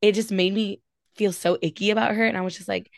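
Sassy young woman with a gravelly voice. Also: medium pitch, fairly even intonation, quick pace, no echo, clean studio sound. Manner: sassy, opinionated, laughs often. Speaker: podcast co-host. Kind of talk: casual reality TV recap chat.

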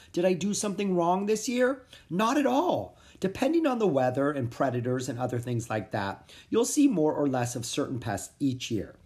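A reader voicing a kind mother who gently explains things in a storybook reading. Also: sits low.

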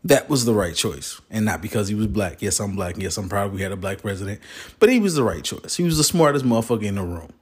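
A man's voice: fairly low pitch, animated, fast talker, breathy edge. A man in a heated, rambling political rant, swearing freely and getting worked up. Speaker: vlogger.

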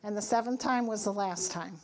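A woman's voice: mid-range voice, brisk, darkish tone. A middle-aged woman giving an earnest church testimony, teaching from scripture and telling her story with emphatic, acted-out dialogue.

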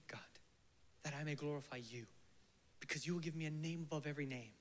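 A man preaching a sermon with passion, swinging from emphatic bursts to hushed near-whispers, and at times leading his listeners in slow, soft prayer. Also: fairly high pitch.

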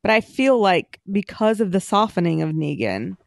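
An eager woman chats on a podcast, working through her thoughts aloud with lots of fillers. Her voice sits at a middle pitch and is recorded dry and close, with no room sound. She shares her opinions with enthusiasm. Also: sing-song, normal speed, gravelly, dry recording. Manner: enthusiastic, thinks aloud with fillers like "you know". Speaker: podcast co-host. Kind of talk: casual podcast discussion of a TV show.

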